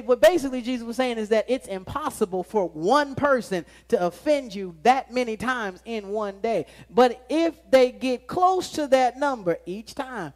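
A man preaching a sermon to a live congregation in a church, joking with the crowd and swinging between loud emphasis and hushed, intimate moments. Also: very high voice. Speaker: pastor.

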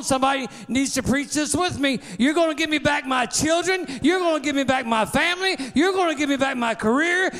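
A man's voice: very high voice, sharp tone. A man preaching a sermon, declaring and repeating calls to the congregation with a drawling folksy grammar. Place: church sanctuary. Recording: long reverb in a church hall.

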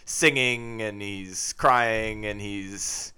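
A man's voice: lowish voice, steady tone, extremely slow, bright, forceful tone, smooth. A man co-hosting a casual film podcast, wry and playful, ribbing his partner while discussing film picks. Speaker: podcast co-host.

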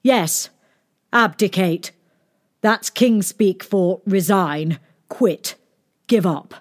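A woman's voice: mid-range voice, drawn-out words. A weary old king in a storybook, plain-spoken and done with it all, as a woman reads him. His voice sits a little above the narration. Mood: relieved.

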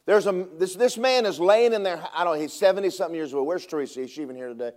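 A pastor preaches a sermon through storytelling, his animated delivery climbing to shouts at its peaks. His voice sits high and moves very fast.

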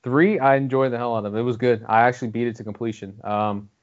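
Brief: fast, rambling male co-host, low voice, muffled recording. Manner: rambling, animated, swears freely. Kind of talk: casual gaming chat. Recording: dull lo-fi audio.

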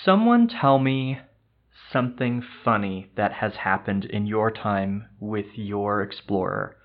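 A man's voice: fairly low pitch, lively intonation, takes it slowly. A man hosting a panel, speaking in an upbeat, appreciative way. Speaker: host. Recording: dull lo-fi sound.

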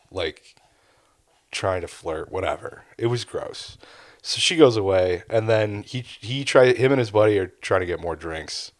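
A man with a fairly low voice tells a story over casual podcast chat. He acts out the people in it with plenty of swearing. The sound is dry and close, with no room echo. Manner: animated storyteller, acts out bar dialogue with profanity. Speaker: podcast co-host.

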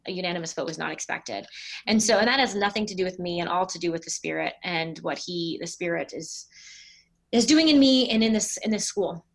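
A middle-aged woman, a pastor, telling a personal story in a casual interview, with animated voices when she quotes people. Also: on the low side, a little fast, gravelly.

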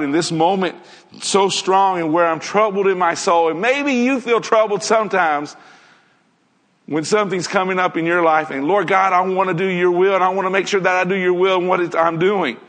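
A man's voice: fairly high pitch, fairly bright tone, big-room sound. A man preaching a sermon in an earnest way, putting many rhetorical questions to his listeners.

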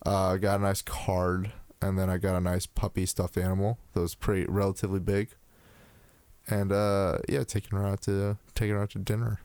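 Young man, low voice, rambling. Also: completely flat delivery, moderate pace, a little mellow, clean tone, dry recording. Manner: rambling, swears freely, many restarts and fillers. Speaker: podcast co-host. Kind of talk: casual podcast chat.

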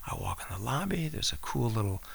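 Older man, gravelly storytelling voice. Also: mid-range voice, a little fast. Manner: animated storyteller acting out quoted voices. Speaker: actor and podcast guest. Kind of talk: casual storytelling interview.

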